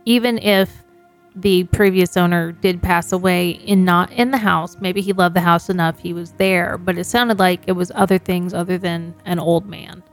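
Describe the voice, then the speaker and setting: A woman's voice: on the low side, steady tone, normal speed, soft background music. A woman co-host chatting casually about a ghost story, thoughtful and a little hesitant. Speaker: podcast co-host. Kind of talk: casual chat.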